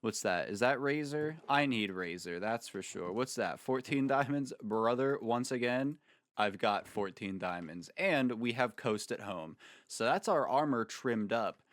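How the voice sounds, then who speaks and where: A man's voice: medium pitch, animated, unhurried, dry recording. A man giving casual gameplay commentary as a video creator, jokey and rambling, with playful asides.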